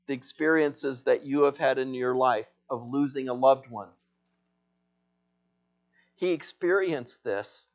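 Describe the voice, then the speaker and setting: Slow, emphatic male preacher, higher voice, dull lo-fi recording. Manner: slow, emphatic preaching that swells loud in passionate stretches. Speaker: pastor. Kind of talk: sermon.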